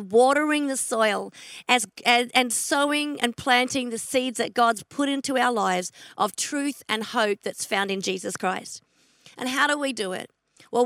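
A middle-aged woman preaching a sermon, earnest, repeating her key questions and slowing down to stress scripture. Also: on the high side, a bit bright, dry recording.

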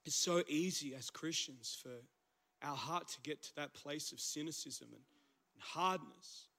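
A man with an Australian accent preaching a casual, animated sermon in church, his voice husky from the flu. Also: a little high, a little slow. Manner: conversational, animated preaching with slang asides. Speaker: pastor. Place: church service.

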